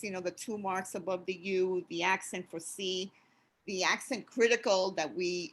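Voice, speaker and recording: A woman's voice: lowish voice, moderate pace, rough recording. A woman giving a webinar presentation, walking through slide points and listing examples.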